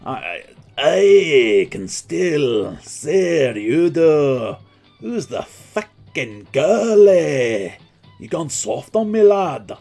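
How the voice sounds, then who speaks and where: A man's voice: fairly high pitch, big pitch swings, very slow, creaky, darkish tone, soft background music, pitched above the performer's own voice, full character voice. A man voicing a stubborn retired male innkeeper in an exaggerated put-on Scottish accent. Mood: teasing. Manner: exaggerated, rolling brogue.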